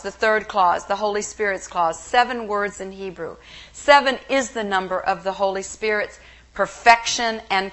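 A woman Bible teacher giving a slow, measured devotional teaching on a scriptural blessing. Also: medium pitch, a bit bright. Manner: slow, measured, reverent delivery.

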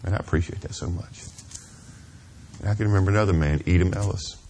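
A middle-aged man preaching a sermon in a church, earnest and confessional, asking "Amen?" of the congregation and dropping to a hushed near-whisper at tender moments. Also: low-pitched, fast, slight background noise. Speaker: pastor.

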